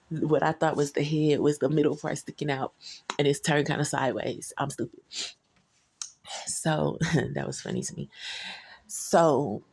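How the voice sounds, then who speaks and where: A woman talks loosely to her phone camera, wandering from thought to thought with blunt, salty slang. Her voice has a gravelly fry and a husky, slightly breathy edge. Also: deep voice, fairly even intonation, measured pace, pauses often, darkish tone. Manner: rambling, candid, profane, Southern US slang. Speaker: vlogger. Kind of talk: casual storytelling to camera.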